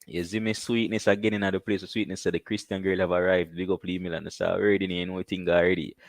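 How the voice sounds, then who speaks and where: A Jamaican man hosting a casual live stream, chatting loosely and giving shout-outs to viewers. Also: deep voice, little pitch movement, fast talker, gravelly, no room sound.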